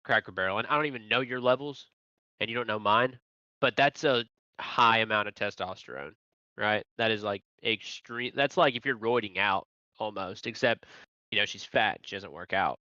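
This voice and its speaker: A crude man rambles and swears through a heated debate, his voice bright and forceful. He wanders off track as he talks. The sound is dry and dull, like a lo-fi recording. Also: fairly low pitch, moderate pace, no room sound.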